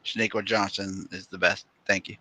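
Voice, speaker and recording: A man chiming in with quick short remarks during casual stream chat, sometimes swearing. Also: low-pitched, level tone, sharp tone. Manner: quick short interjections, profane.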